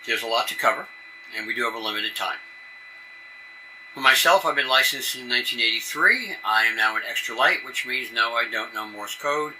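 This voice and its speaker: A middle-aged man with a New York accent presents to a conference room in an easy, chatty way, dropping in folksy asides. His voice is very bright and forward. A faint hum runs under the recording. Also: medium pitch, brisk, poor audio. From New York City area. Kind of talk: presentation talk.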